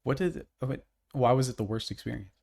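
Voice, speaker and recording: Gravelly, foul-mouthed male podcast co-host. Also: medium pitch, fast talker, dry recording, clean studio sound. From United States. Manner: swears freely, laughs often, animated storytelling. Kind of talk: casual chat.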